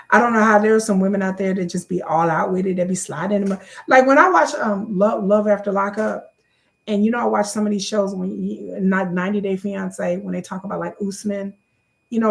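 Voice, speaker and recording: A woman vlogger chats to her viewers in a loose, sassy, joking way. Her voice has a gravelly, fry-laden edge and middling pitch, and it shoots up high when she gets excited. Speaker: YouTube creator. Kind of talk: casual chat to camera.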